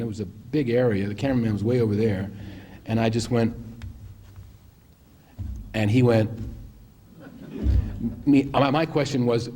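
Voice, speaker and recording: Director guy rambling thru old set stories, warm low-key voice, acts out the people in it. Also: a little hiss or hum. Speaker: film director telling anecdotes. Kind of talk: anecdotal storytelling to an audience.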